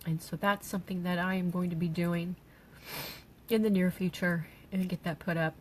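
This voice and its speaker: A middle-aged woman, tearful, speaking haltingly on an emotional personal livestream as a grieving mother. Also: fairly low pitch, fairly even intonation, a little mellow, a little hiss or hum, low-quality recording. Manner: halting, with pauses and restarts. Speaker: grieving mother sharing her daughter's story.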